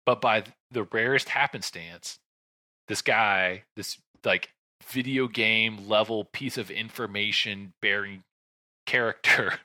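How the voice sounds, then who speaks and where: Dry, sharp-voiced man telling a story. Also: on the low side, steady tone, slow pace, dry recording. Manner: rambling, with restarts, asides and sighs. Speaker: podcast host telling a travel story. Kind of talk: casual storytelling. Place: home room with a shelf behind him.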